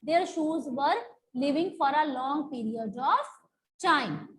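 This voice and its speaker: A woman's voice: high voice, lively intonation, poor audio. A woman, teaching a class and explaining the meanings of words again and again. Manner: repetitive, explaining meanings slowly. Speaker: English teacher. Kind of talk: classroom lesson explaining a story.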